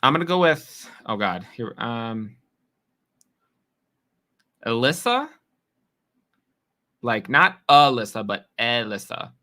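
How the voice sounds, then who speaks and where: Streamer guy from New York, bright tone, chatty and teasing with his viewers. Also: medium pitch, big pitch swings. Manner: chatty, teasing, quick reactions to chat. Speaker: livestream host. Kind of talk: casual livestream chat reading comments.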